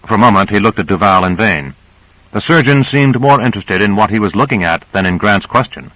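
A man narrating an audiobook in a measured storytelling manner. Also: on the low side, expressive, fairly bright tone, no room sound, rough recording.

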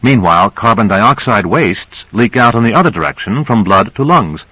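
A man's voice: lowish voice, animated, normal speed, sharp tone, slightly rough, no room sound, heavily acted, poor audio. A man reading a novel aloud, voicing a young female assistant who explains things patiently. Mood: explaining.

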